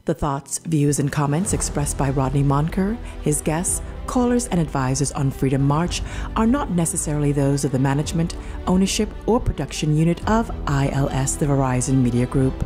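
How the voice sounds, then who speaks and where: A woman announcer reading a broadcast disclaimer in a formal, measured way. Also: sits low, animated. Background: music.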